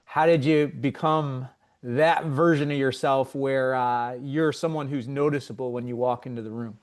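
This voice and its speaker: A man hosts a video podcast and interviews a former student. He asks his questions in a steady, measured way, in a mid-pitched, even voice. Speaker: podcast host, former instructor.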